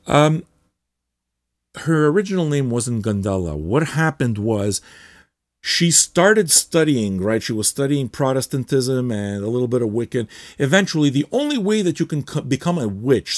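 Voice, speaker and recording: Rambling, excitable man reviewing records. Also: on the low side, no echo. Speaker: record review show host. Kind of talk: casual record review chat.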